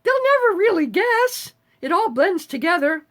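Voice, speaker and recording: A woman's voice: very high-pitched, big pitch swings, moderate pace. A woman in her seventies chatting casually on a live stream, reading viewer comments aloud and answering them with frequent swearing. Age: 70s.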